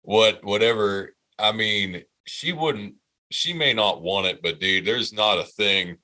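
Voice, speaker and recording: Podcast co-host, male, 30s: low and forceful voice, rambling profane storytelling. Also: slow pace. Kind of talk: casual storytelling chat.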